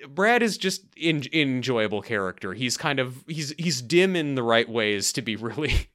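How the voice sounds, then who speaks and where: Animated man chatting on a podcast. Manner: animated, quick to laugh, mocks lines in high voices. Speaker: podcast co-host. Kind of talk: casual chat reviewing a sitcom episode.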